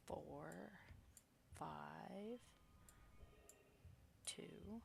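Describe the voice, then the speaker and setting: Bright, animated woman streamer. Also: mid-range voice, slow pace, creaky, pauses often, no echo. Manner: reads game text aloud, chats and laughs with viewers. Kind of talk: game narration and casual live chat.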